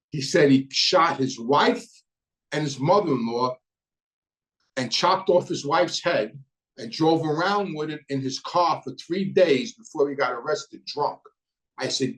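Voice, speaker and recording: A man's voice: fairly high pitch, lively intonation, a little slow, a bit bright, rough recording. A middle-aged man with a New York accent, telling a prison story in a blunt, profane, casual way, full of restarts and fillers. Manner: blunt, profane, many restarts and "you know".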